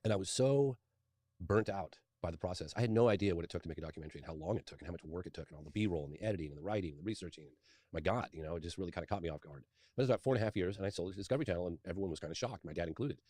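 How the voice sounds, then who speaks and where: A rapid-fire man in his fifties with a low voice, spinning a long personal story in an interview. He rambles eagerly and keeps restarting sentences as he goes. The sound is close and dry, with no room behind him. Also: dark tone, no echo. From England. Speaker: documentary filmmaker, interview guest.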